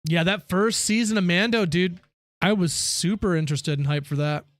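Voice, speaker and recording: A young man streams a game live and talks loosely with viewers, throwing in strong opinions and slangy asides. His voice is a bit high for a man and moves at normal speed. The audio is dry and close, with no echo or room.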